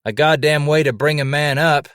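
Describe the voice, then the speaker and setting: A man voicing a rough frontier trapper who growls and curses bluntly. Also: mid-range voice, lively intonation, moderate pace, no room sound, studio quality, voice pushed up, natural voice. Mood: gruff. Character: gruff, cursing trapper roused from sleep.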